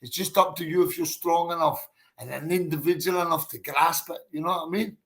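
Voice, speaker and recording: A man's voice: on the high side, a little fast, a bit bright, husky. A man, a boxer telling his story in a casual interview, blunt and emphatic, swearing and calling the listener mate and bro.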